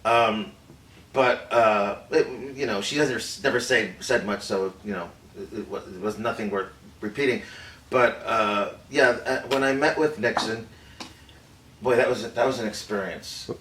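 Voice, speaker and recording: A man playing a halting film director, recorded off-mic. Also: lowish voice, bright, forceful tone, distant mic. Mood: hesitant. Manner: halting, hesitant, many fillers and restarts. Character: male film director recalling a secret meeting. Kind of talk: improvised acting take. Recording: roomy, off-mic, faint background hiss.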